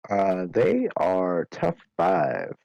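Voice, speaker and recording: A man playing a tabletop wargame who chats casually and teases his friends with quick quips. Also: deep voice, huge pitch swings, vocal fry, highs cut off. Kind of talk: casual game talk and banter.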